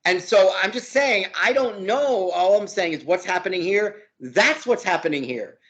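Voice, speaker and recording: A man's voice: high-pitched, animated, normal speed, a bit bright, muffled recording. A man, a law professor as interview guest, talking heatedly and hammering points by repeating words. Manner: emphatic, repeats words for force. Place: lives in Brooklyn.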